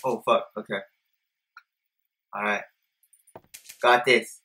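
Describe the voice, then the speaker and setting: A young man commentating a horror video game, jumpy and profane, swinging between low mutters and shouted panic. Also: steady tone, slow pace. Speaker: gameplay streamer.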